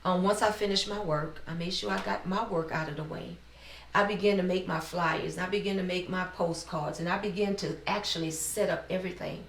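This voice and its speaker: A woman's voice: lowish voice, steady tone, brisk, slight background noise. A middle-aged woman from New Orleans, telling her personal story in an earnest, heartfelt interview. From New Orleans, USA. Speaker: business owner interviewee. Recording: roomy sound, mic at a distance.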